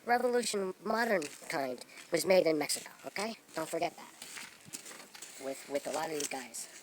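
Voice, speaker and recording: A man doing a swaggering, self-proclaimed real Mexican who rambles and lectures with a lively, swooping delivery. He sounds a little away from the mic, and the outdoor recording has heavy background noise. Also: a little high, moderate pace, distant mic, natural voice, rough recording. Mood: boastful. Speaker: vlogger in character. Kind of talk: improvised comedy monologue. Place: outdoors among trees.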